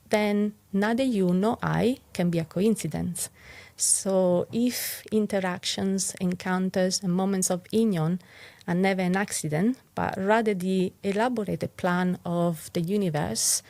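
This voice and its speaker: A woman hosting a podcast, gently guiding a meditation and reflecting in a calm, measured way. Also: lowish voice, vocal fry, dry recording. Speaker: podcast host. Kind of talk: reflective talk with guided meditation.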